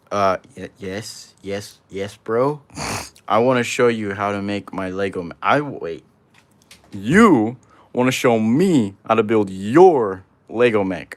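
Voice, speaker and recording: A man's voice: fairly low pitch, a little slow. A man hosting a casual livestream, rambling and joking as he reads chat aloud while building. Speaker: livestream host.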